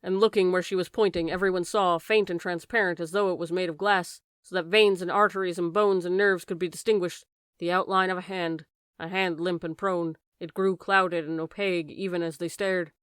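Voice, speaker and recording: A woman narrating a classic science fiction novel as an audiobook, reading dramatically and raising her voice for shouted lines. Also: fairly low pitch, fairly even intonation, fairly quick, smooth, no room sound, studio quality. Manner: raises voice sharply for shouted lines.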